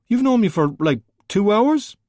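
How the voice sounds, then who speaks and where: A man's voice: high-pitched, very animated, a little slow, darkish tone, dry recording, clean studio sound, voice pushed up. A man doing a whiny, defensive teenage boy. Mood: indignant. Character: indignant chubby teenage boy, nervous.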